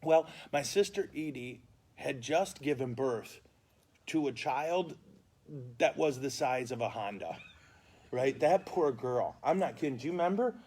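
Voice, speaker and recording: Lively, comic priest telling stories. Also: male voice, medium pitch, a little slow, slight background noise. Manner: animated, comic storyteller with mock outrage. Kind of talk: casual storytelling catechesis. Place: indoors at a funeral home, live stream.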